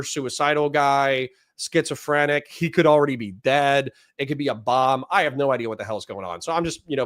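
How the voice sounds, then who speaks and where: Young guy spinning a cop story on a podcast, gets loud on the quotes, mid pitch. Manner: animated storyteller who shouts out quoted lines. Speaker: podcast host, former police officer. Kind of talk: casual storytelling.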